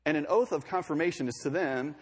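A man's voice: on the high side, fairly quick, husky. A young man preaching a sermon in a conversational way, with joking asides between scripture readings.

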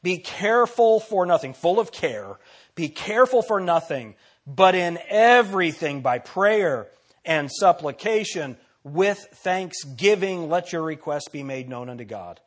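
A man delivers a sermon from the pulpit in a somewhat high voice. He repeats key phrases for emphasis and puts questions to his listeners, swinging from forceful declarations down to near-hushed asides. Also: expressive, measured pace. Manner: preaching with dramatic swings between loud and soft. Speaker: pastor.

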